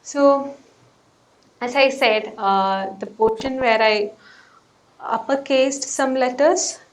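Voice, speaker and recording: A woman teaches a test lesson, walking through pronunciation rules. Her voice sits a little higher than most, and she explains off the cuff, pausing on fillers and rephrasing as she goes. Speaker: PTE coach.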